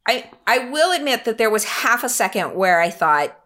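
A woman chatting casually, telling a story in a lively, self-mocking way and putting on the voices of the people in it. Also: on the high side, moderate pace. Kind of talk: casual chat.

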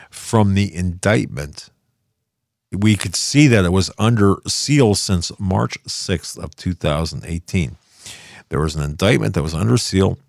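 An older man with a very low, gravelly voice talks in a loose, rambling monologue. He drifts off his point and circles back to it. The sound is dry and close, with no room around it. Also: darkish tone, no room sound. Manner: rambling, loses his thread and restarts. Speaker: political commentary host. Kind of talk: casual monologue commentary. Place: home office studio.

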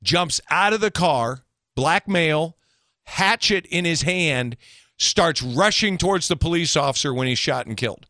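A man's voice: a little high, lively intonation, unhurried, pushed and bright, no room sound, clean studio sound. A man hosting a talk radio show, giving blunt, opinionated commentary.

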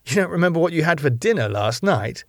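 A man's voice: a little high, big pitch swings, fast, no room sound, studio quality, pitched above the performer's own voice. A man voicing a blunt, irritable male detective who speaks sharply. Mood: exasperated.

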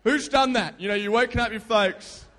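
Young male youth pastor, high voice, casual storyteller, crowd prompts, hall echo. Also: moderate pace, a bit bright. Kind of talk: lively youth sermon. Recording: long hall reverb.

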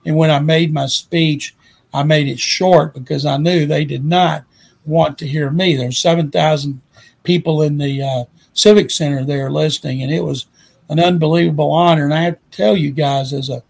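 An older man from Texas with a Texan accent, telling a folksy, animated story in a speech, emotional at times. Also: fairly high pitch, normal speed, vocal fry, slightly rough.

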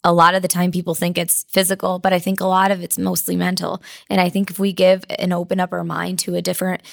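A young woman with a low, gravelly voice tells her story in an interview, close and dry to the mic. She is near tears, talks in a rush of "like" fillers and laughs through the emotion. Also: monotone, fast, dry recording. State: crying. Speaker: weightlifter guest.

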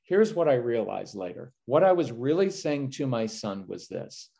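Man, podcast guest, lively, acts out quotes, mid-pitched voice. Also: normal speed, gravelly, hardly any pauses. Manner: energetic, acts out parent and child lines. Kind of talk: casual podcast conversation.

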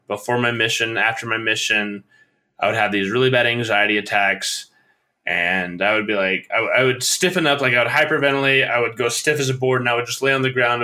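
A young man telling a listener a personal story in a halting way, with many restarts and fillers. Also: medium pitch, bright, forceful tone. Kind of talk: personal account in a conversation.

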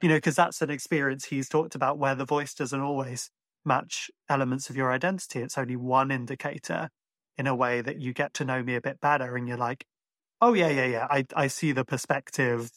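A man's voice: medium pitch, flat delivery, fairly quick, a bit bright, no echo, clean studio sound. A man from Ireland with a mixed Irish accent, hosting a podcast and chatting casually with lots of fillers. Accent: Irish, mixed and hard to place. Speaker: podcast host. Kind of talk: casual chat.

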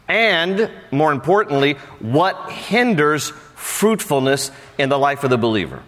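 Male pastor, slightly high voice, casual joking sermon delivery, long hall reverb. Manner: conversational and joking, with playful asides.

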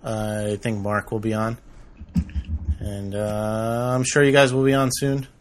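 A man's voice: on the low side, flat delivery, measured pace. A man hosting a casual comedy podcast, joking around and laughing often. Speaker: podcast host.

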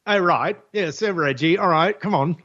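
A man's voice: high-pitched, a little slow, fairly bright tone. A man hosting a talk radio show, delivering a sarcastic, mocking monologue on the news and laughing at his own jokes. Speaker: radio host. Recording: dull lo-fi radio audio.

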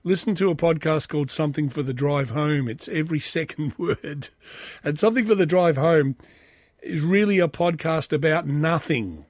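An Australian man hosts a podcast in loose, crude casual chat, reading comments aloud between asides. His voice sits a little high for a man. The recording is dry, with no room sound. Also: normal speed, no room sound. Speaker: podcast host.

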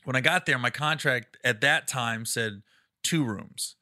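A man telling stories on a relaxed podcast, with a very bright, cutting tone. He acts out other people's lines by jumping into high, squeaky voices and laughs between them. The sound is dry and close to the mic. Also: a little slow, dry recording. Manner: animated storyteller who acts out quotes with high squeals and laughs. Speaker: comedian guest. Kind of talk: casual podcast storytelling.

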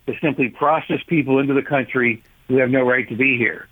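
A man calling in to a talk radio show, arguing forcefully and sardonically about policy. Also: mid-range voice, fairly even intonation, fairly quick, breathy edge. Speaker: caller, policy advocate. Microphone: telephone. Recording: tinny phone line.

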